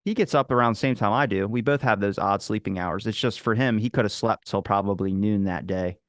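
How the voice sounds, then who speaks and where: A man's voice: on the low side, fairly quick, no echo, studio quality. A man telling a rambling, casual story as a podcast guest, with plenty of fillers and acted-out quotes. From Philadelphia area. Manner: rambling anecdotes, acts out quoted people.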